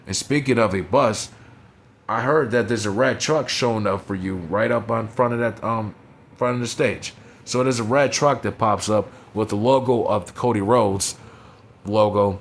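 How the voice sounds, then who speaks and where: Young male reviewer, lowish voice, casual foul-mouthed rant, faint hiss behind. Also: moderate pace. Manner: blunt, profane, dismissive, leans on "you know what I'm saying". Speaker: wrestling show reviewer. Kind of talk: casual profane recap commentary.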